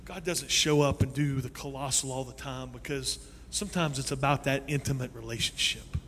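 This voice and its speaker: A male pastor preaching a sermon in a church sanctuary. His delivery is animated and swings between loud and soft. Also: mid-range voice, moderate pace, slight background noise. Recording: long reverb in a large hall.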